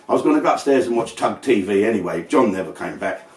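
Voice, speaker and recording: A man's voice: mid-range voice, quick pace, hardly any pauses, far from the mic. A man telling a crude, brash comic story, acting out the people in it. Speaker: comedian. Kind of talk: stand-up storytelling. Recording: roomy and off-mic.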